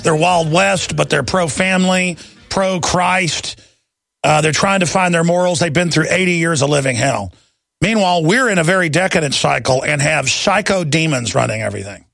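A middle-aged male radio host with a high, gravelly voice pushes hard through a heated political rant. He is dry and close on a studio mic, with faint music under him, and he stumbles over repeated words when he gets going. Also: fairly bright tone, dry recording. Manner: intense, emphatic, repeats words when worked up. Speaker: radio talk show host.

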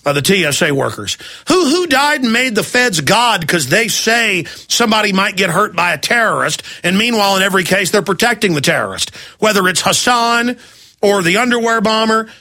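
In a heated talk radio rant, this host rattles off angry rhetorical questions one after another. His voice sits high and sounds expressive, pushed, and bright.

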